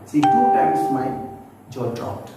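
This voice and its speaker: A man teaching phonetics in a video lesson, explaining slowly and repeating himself with many asides. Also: fairly high pitch, sing-song, loud music behind the voice. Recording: very echoey room, distant mic, faint noise.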